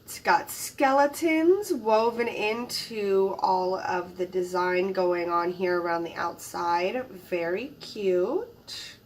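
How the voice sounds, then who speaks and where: A woman hosting a crafting channel takes her time narrating an unboxing, her medium-pitched voice casual and gushing. She softly exclaims over each item, with a distant mic and a little hiss or hum in the recording.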